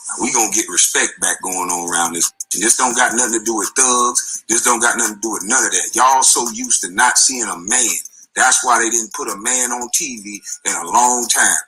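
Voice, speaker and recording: A man's voice: lowish voice, bright, forceful tone, husky, rough recording. A man delivering a heated, confrontational and profane rant, with scornful laughs. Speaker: guest.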